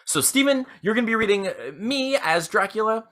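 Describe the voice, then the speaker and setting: A man's voice: high voice, animated, brisk, fairly bright tone. A man co-hosting a comedy podcast, chatting casually in a rambling, giggly way. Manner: rambling, many restarts, giggly. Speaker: podcast co-host.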